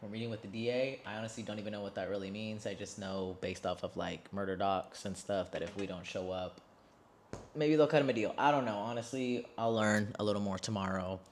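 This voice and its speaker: A young man in his twenties with a somewhat low voice tells his own story straight to the camera. He is blunt and emotional, swears freely, and circles back over his words when he gets worked up. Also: brisk, slight background noise. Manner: repeats and restarts phrases when worked up. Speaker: vlogger.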